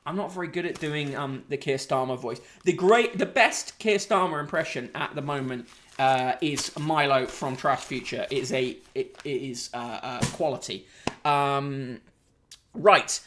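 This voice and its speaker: A man hosts a casual live-streamed newspaper review, sardonic and rambling, filling his speech with ums and uhs. His voice is medium-pitched and fairly bright, a little slow, with a faint hiss or hum in the audio.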